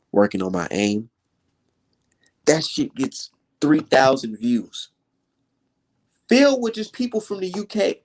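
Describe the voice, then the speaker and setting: A man rants about boxing in a loose, casual commentary. He is heated and profane and keeps throwing out rhetorical questions, with short laughs between his points. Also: mid-range voice.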